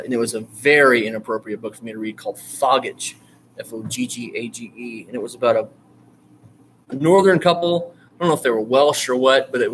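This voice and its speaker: A man's voice: medium pitch, slight background noise. Rambling male writing instructor, enthusiastic. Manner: rambling, digressive, with many fillers and restarts; bursts of excited enthusiasm. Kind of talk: casual screen-share lecture.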